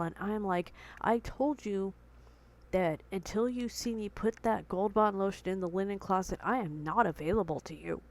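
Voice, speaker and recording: A woman's voice: medium pitch, moderate pace, a little mellow, low-quality recording. A young woman vlogging at home, earnestly retelling a tense confrontation, still shaken with her heart pounding. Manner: earnest, emotional retelling with quoted dialogue. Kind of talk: personal storytelling vlog.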